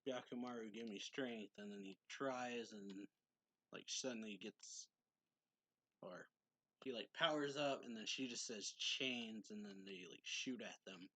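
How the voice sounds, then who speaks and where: A man's voice: on the low side, measured pace, sharp tone, slightly rough, low-quality recording. A man retelling a manga chapter in a loose, casual way, with lots of fillers, and reading out characters' lines as he goes. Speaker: manga reviewer.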